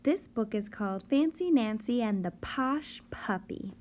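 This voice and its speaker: A woman reads a picture book aloud to a child, her voice rising and falling in a lively, sing-song way. She sits fairly high in pitch and takes her time over each line. A faint hiss runs underneath the home recording. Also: a little slow. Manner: lively, expressive storytelling with sing-song emphasis.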